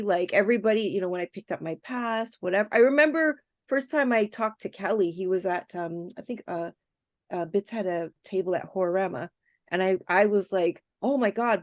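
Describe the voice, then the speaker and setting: A woman programmer telling stories in a casual interview, chatty and animated, acting out the people she quotes. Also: medium pitch, dry recording, clean studio sound. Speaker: festival programmer, guest. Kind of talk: casual storytelling in a podcast interview.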